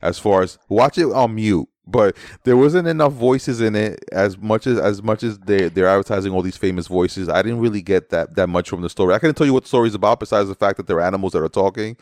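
An American man in his thirties, co-hosting a casual movie review chat, joking and expressive. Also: lowish voice, fast, few pauses, no room sound.

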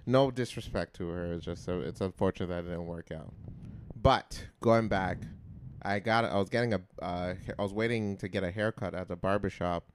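A man co-hosting a podcast in casual chat, telling a story with lots of swearing, dropping to a mumble and then getting loud and worked up. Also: low voice, normal speed, a little hiss or hum. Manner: heavy profanity, excitable. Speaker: podcast co-host.

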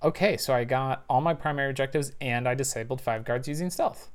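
Guy talking thru a spy game at home, chatty, mid-pitched, faint game music underneath. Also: a little fast. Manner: chatty, thinks aloud, excited little outbursts. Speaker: gamer playing a spy video game; parent. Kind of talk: casual gameplay commentary.

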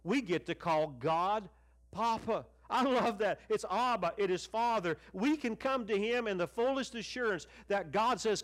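A middle-aged man with a notably high voice preaches a televised sermon. He is fervent, rising to bright exclamations and then dropping to near-hushed lines for emphasis. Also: a little slow. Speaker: pastor.

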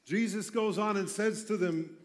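A man preaching a passionate sermon, swinging between loud emphasis and quiet intensity, with light humorous asides. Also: high-pitched, moderate pace.

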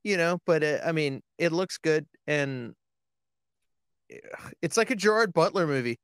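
A man with a high, lively voice jokes his way through a casual movie chat, often restarting his sentences. His voice swings up and down a lot, recorded dry and close. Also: normal speed, clear, resonant tone, no room sound. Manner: excitable, jokey, stumbling restarts.

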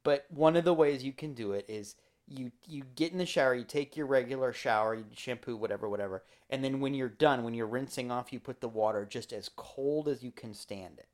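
A man's voice: medium pitch, fairly quick, hardly any pauses. A man co-hosting a podcast, chatting casually and telling rambling, playful stories. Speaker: podcast co-host. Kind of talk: casual chat.

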